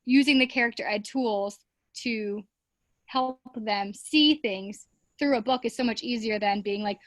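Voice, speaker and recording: A woman's voice: fairly high pitch, a little slow, no echo. A woman teacher chatting casually in an interview, with lots of fillers and playful voices for classroom stories. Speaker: teacher guest.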